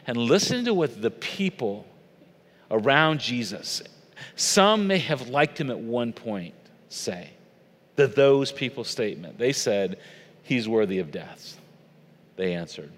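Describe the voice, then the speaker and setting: A man preaching a sermon in a middle-range voice, his words ringing out with a long reverb. His delivery is dramatic and emotional, rising and falling in pitch and volume. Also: sing-song, slow pace. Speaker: pastor. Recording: long reverb of a large hall.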